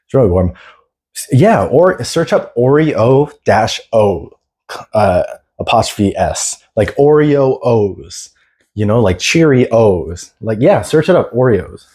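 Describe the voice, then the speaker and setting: A man's voice: mid-range voice, sing-song, slow, a little mellow, husky. A man chatting casually on a phone livestream, laid-back and slangy, answering viewers' chat. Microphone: phone camera.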